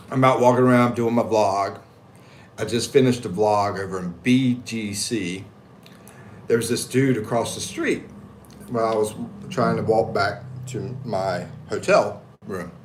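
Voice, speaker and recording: A man's voice: mid-range voice, a little hiss or hum. A man on a casual livestream, telling a story in a jokey, slangy way and reading viewer comments aloud. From United States. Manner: animated, slangy, jokey, reads chat aloud. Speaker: livestream vlogger. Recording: echoey room, faint background ambience.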